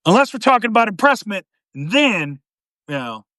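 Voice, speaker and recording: Woman in her 50s, lively up-and-down voice, jokey, rambling, dry close sound. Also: mid-range voice, moderate pace, no room sound. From United States. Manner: jokey, rambling, many fillers. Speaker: podcast co-host. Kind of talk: casual political chat.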